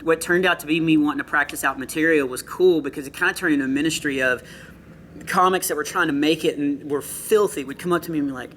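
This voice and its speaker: Bright-voiced man telling stories. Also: on the high side, slight background noise. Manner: earnest storytelling with quick asides. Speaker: comedian. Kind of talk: casual interview chat. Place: comedy club after a show.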